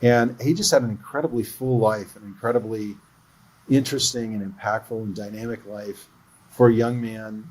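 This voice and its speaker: A man's voice: lowish voice, fairly even intonation, normal speed, darkish tone, low-quality recording. A man who is a film producer, telling earnest stories about a production in a livestream interview.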